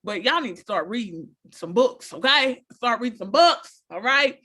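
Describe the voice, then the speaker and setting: A woman talking casually to her viewers, giving animated, preachy advice and repeating her points. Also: a little high, normal speed, breathy edge. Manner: animated, repeats phrases, addresses viewers directly; preachy, encouraging. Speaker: motivational speaker.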